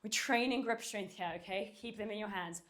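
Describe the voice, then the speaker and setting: A woman's voice: medium pitch, fairly quick, a bit bright. Breathless woman coaching a pilates workout. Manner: cueing and counting while exercising, with sighs and puffs. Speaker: Pilates instructor. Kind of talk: workout instruction. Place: home workout room. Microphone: far camera.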